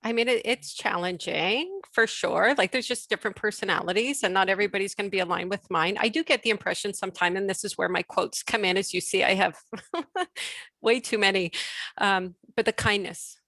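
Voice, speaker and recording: A woman speaking as a guest on leadership in a casual webinar conversation over a video call, animated and quick to restart her sentences. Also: medium pitch, no echo. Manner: animated, quick restarts, laughs between points.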